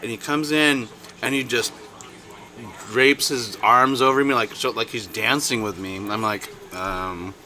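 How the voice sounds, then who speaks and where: A man's voice: mid-range voice, unhurried, bright, forceful tone. A man co-hosting a casual podcast chat, telling a long story with many restarts and bursts of laughter. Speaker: podcast co-host.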